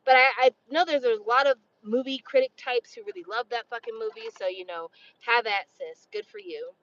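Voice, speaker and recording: A woman's voice: a little high, fairly quick, a bit bright, muffled recording. A woman in her forties talking casually to camera, blunt and opinionated, swearing freely. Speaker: vlogger.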